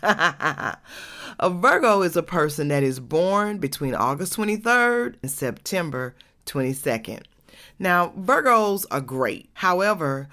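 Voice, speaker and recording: A woman's voice: lowish voice, a bit bright. A woman from Georgia, hosting her own podcast in a casual, chatty way, laughing often and saying y'all. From Georgia, USA. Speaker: podcast host.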